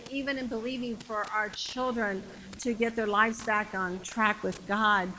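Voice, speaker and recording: Bright, emphatic middle-aged woman preaching. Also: mid-range voice, steady tone, a little slow, slight background noise, poor audio. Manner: conversational, emphatic, repeating phrases for build-up. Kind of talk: sermon.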